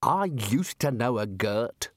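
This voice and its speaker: A man doing a dreamy dotty old male wizard, slow vague musing, dry sound. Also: mid-range voice, expressive, no echo.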